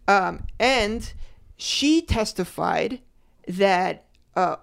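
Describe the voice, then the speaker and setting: A woman's voice: mid-range voice, lively intonation, drawn-out words, creaky. A woman hosting a casual true-crime podcast, rambling with lots of fillers and frequent laughter. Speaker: podcast host.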